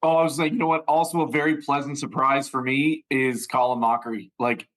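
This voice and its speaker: A man's voice: mid-range voice, little pitch movement, brisk, fairly bright tone, rough recording. A man co-hosting a podcast in a casual interview, speaking eagerly and effusively like a fan. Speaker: podcast co-host.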